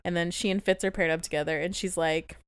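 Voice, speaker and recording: A woman's voice: fairly low pitch, steady tone, quick pace, clean tone, no room sound. A woman co-hosting a podcast, chatting casually and giggling often as she recaps a TV episode. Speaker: podcast co-host.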